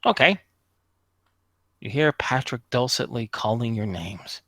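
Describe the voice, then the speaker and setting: A man with a gravelly, bright voice runs a tabletop game as game master. He narrates scenes and teases his players playfully in a dry room. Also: medium pitch, big pitch swings, measured pace, no room sound. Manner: playful and teasing.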